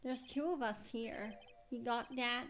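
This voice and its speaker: Woman playing a menacing mob-style swindler from a game, New York accent, gruff slang, higher voice. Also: steady tone, a little slow, slight background noise, natural voice. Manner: gruff tough-guy slang.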